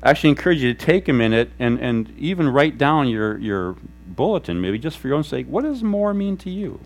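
A man preaching a sermon as a pastor, telling stories in an animated way and acting out quoted voices. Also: medium pitch, a little fast. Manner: animated storytelling, acts out quotes. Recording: faint mains hum.

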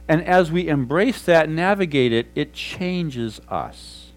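A middle-aged man preaching a sermon as pastor, earnest and conversational, dropping to soft, hushed tones for prayerful lines. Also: fairly high pitch, lively intonation, unhurried, few pauses, rough recording.

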